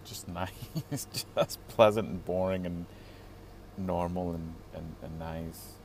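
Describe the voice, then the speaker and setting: A man with a very low, deep voice rambles through a casual monologue from the seat of his parked car. He stretches his words and leans on fillers, breaking into small chuckles now and then, while faint traffic and car noise hums in the background. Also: steady tone, takes it slowly, a little mellow. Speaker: vlogger.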